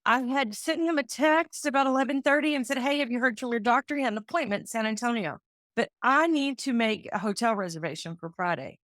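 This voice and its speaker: A woman's voice: a little high, quick pace, a bit bright, dry recording, clean studio sound. A woman in her fifties, a real estate agent, telling a personal story in an interview and acting out the conversations she remembers. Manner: heartfelt, acts out remembered dialogue.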